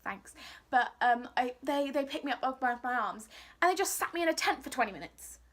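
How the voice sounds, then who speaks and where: A woman tells a story in a high, light voice. She is animated and casual, acting out the other people in it. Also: a little fast. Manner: animated, acts out what people said. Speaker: vlogger.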